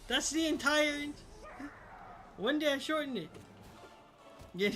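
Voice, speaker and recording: Young guy gamer streamer, frustrated and cussing, really bright high voice, faint hiss behind. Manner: frustrated, swearing, self-mocking. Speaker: gaming streamer. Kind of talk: casual gameplay commentary to chat.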